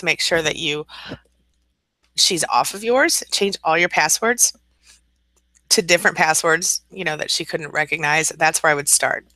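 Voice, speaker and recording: A woman's voice: sits low, bright, forceful tone, no echo, low-quality recording. A woman in her forties, a coach hosting a casual live-stream chat, who rambles as she reads viewer comments aloud and answers them.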